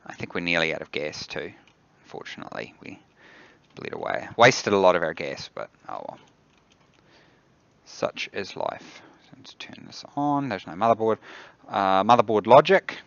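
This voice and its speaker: A man with a New Zealand accent gives unhurried commentary on a live dev stream, muttering and thinking aloud as he works. His low voice is gravelly, and the sound is dry and a little dull and lo-fi. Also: expressive, a bit bright, dry recording. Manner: mutters to himself, thinks aloud while building. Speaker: game developer hosting a dev stream. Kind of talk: casual livestream commentary while demoing a game. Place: office.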